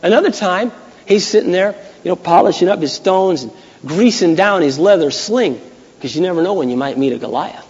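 Brief: male pastor, sermon, storytelling with forceful peaks, lo-fi 1980s church recording. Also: high voice, animated, brisk, breathy edge. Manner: conversational storytelling, rising to loud emphatic peaks. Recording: dull 1980s church recording with long hall echo.

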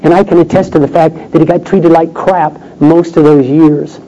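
A middle-aged man tells a family story from the pulpit, voicing the people he quotes as he goes. His voice sits a little high and mellow. The recording is dull and lo-fi, with faint noise behind it. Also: steady tone, moderate pace. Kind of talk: sermon storytelling.

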